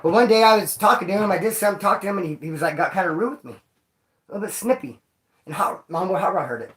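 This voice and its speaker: A man casually telling stories about his time in prison to camera, in a slangy, profane and animated way, often acting out other people's voices. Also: high-pitched, fast.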